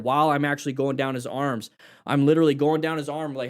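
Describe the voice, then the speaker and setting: A man teaching motorcycle safety, commenting on a crash video in a lively way and asking questions. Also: mid-range voice, a little fast. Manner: animated, acts out rider dialogue and questions.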